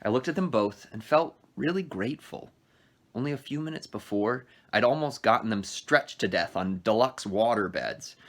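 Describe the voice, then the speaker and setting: A male teacher reading a novel aloud to his class at a brisk storytelling pace, adding short asides. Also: medium pitch, animated.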